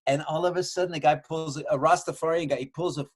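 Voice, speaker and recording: Older guy in his 60s rambling thru stories, curses a lot, slightly high voice. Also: steady tone, fast. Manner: rambling, swears a lot, frequent restarts. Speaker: guest filmmaker. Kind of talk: casual storytelling chat. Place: his home.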